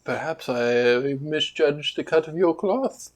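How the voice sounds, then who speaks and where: Low-voiced woman running a tabletop game. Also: measured pace. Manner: plays a pompous noble with a haughty put-on courtesy. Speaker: game master. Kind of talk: live tabletop game narration and role-play.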